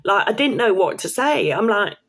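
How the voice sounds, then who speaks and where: A woman telling a personal story to camera in a chatty, excitable way, with casual swearing and slang. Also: medium pitch, moderate pace. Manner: chatty, excitable, laughs while telling stories. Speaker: vlogger.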